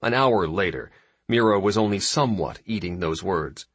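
A man narrating an audiobook in a steady, even storytelling manner. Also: sits low, moderate pace, slightly rough, dry recording. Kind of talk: scripted narration.

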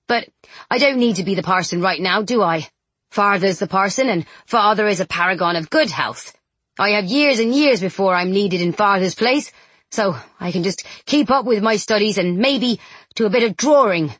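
A woman voicing a gentle, cheerful young man in an audiobook, wistful and soft-spoken. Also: mid-range voice, lively intonation, normal speed, husky, no echo.

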